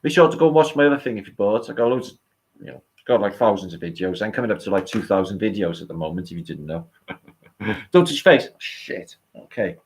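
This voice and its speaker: A man's voice: fairly low pitch, fast, darkish tone. Rambling sweary British man on a livestream. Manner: rambling, swearing, reading out viewer names. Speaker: livestream host. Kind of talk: casual live-stream chat.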